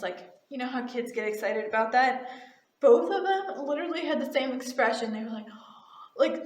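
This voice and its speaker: Bubbly young woman with a high voice telling a chatty storytime in a roomy space. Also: moderate pace. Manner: gushing, chatty, full of "like" fillers. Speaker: retail cashier and vlogger. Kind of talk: casual storytime.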